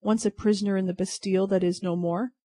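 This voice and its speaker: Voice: fairly even intonation, quick pace, dark tone, close to an everyday voice. A reader voicing a grim terse wine-shop keeper. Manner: terse, low-voiced.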